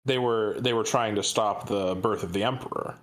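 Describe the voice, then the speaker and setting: A man co-hosting a podcast in casual chat, laid-back, with brief reactions and halting restarts. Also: lowish voice, a bit bright. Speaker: podcast co-host.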